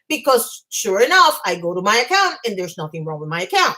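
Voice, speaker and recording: A woman vlogger on a live stream at home, telling a story in a fast, agitated rush and stumbling over her words. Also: fairly high pitch, very animated, pushed and bright, rough recording. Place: home apartment.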